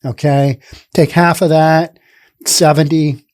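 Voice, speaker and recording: A man's voice: on the high side, level tone, slow, a little mellow. A man hosting a news commentary show, talking casually and rambling with sarcastic asides.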